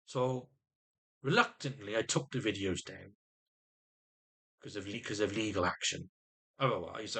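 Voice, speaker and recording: A man's voice: mid-range voice, a bit bright, slightly rough. A middle-aged man in an agitated personal rant to camera, often stumbling and repeating words as he vents. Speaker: vlogger.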